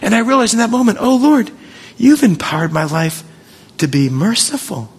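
A man pastor giving a lively sermon to his church, acting out quoted voices. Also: high voice, moderate pace, slightly rough. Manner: animated, acts out quoted voices. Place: church hall. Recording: long hall reverb.

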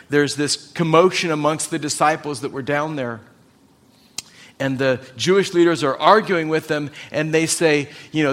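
Pastor guy preaching, kinda high voice, acts out the quotes, slows way down on the big lines. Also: a bit bright. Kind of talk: sermon.

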